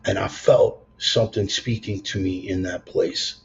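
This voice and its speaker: A man's voice: sits low, steady tone, unhurried, gravelly, highs cut off, slight background noise. A man giving a conversational, emphatic sermon told as a personal story. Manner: conversational, emphatic, swears in passing. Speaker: preacher.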